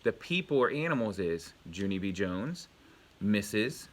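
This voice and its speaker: A man's voice: on the low side, big pitch swings, unhurried, slight background noise. A male elementary school teacher giving a home video lesson to young pupils, patiently asking questions and praising the answers.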